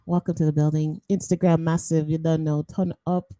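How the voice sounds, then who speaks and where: A chatty woman host, talking casually and slipping into patois between laughs. Her voice sits low and mellow. The recording is dry and close. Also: moderate pace, few pauses, dry recording. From Jamaican roots. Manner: chatty, animated, laughs often, slips into patois. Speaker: podcast host. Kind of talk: casual chat.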